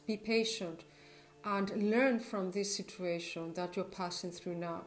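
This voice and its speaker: Gushing woman tarot reader, soft music behind. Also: medium pitch, moderate pace. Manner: gushing, affectionate, with restarts. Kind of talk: tarot reading to viewers.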